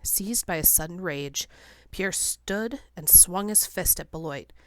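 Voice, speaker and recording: A woman reading a novel aloud as an audiobook narrator, in a steady, measured way. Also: on the low side, no echo, studio quality. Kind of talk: scripted narration.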